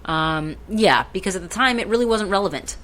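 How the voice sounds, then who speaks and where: A woman's voice: mid-range voice, lively intonation, a little fast, a bit bright. A woman co-hosting a podcast in casual chat, rambling and swearing freely. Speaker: podcast co-host.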